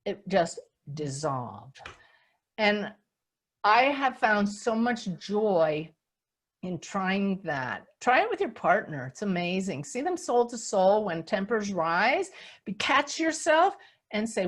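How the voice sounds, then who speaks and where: A woman's voice: mid-range voice, big pitch swings, takes it slowly. An older woman tells a story to her online audience and acts out the scenes as she goes. She speaks as a spiritual teacher and host. Her voice comes through a video call. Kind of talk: storytelling talk on a webinar.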